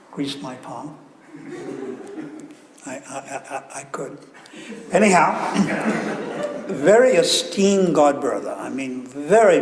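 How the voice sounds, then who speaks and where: Male guru, sermon, unhurried, wry asides; roomy echo with faint ambience behind. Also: mid-range voice, a little hiss or hum. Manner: conversational storyteller, joking asides. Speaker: visiting guru giving a talk. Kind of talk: sermon with anecdotes. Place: temple hall. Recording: echoey hall, faint room ambience.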